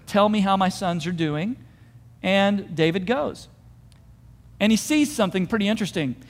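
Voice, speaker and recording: High-voiced pastor preaching in a reverberant hall. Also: male voice, moderate pace. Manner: animated storytelling, acting out crowd voices. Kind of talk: sermon.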